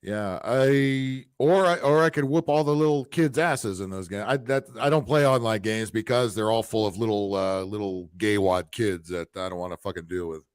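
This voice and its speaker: A man's voice: lowish voice, moderate pace, few pauses, clean tone, no echo, studio quality. A middle-aged man, a gamer guest on a casual livestream, grumbling and profane. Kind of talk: casual stream chat.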